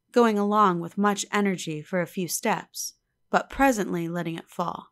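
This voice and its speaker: A woman reading a classic novel aloud in measured, calm scripted narration. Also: on the low side, gravelly. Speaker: audiobook narrator.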